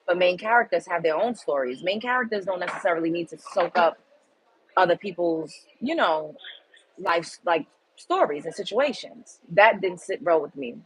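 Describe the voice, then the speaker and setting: A woman's voice: fairly low pitch, expressive, normal speed, rough recording. A woman hosting her own show, telling a personal story in a candid, emphatic and blunt way. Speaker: show host. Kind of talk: casual storytelling monologue.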